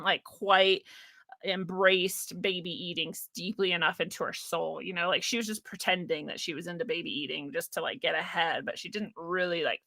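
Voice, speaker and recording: Bright, blunt woman hosting a livestream. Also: medium pitch, dry recording. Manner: blunt, profane, laughs often, sarcastic. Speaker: spiritual livestream host. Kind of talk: casual livestream rant.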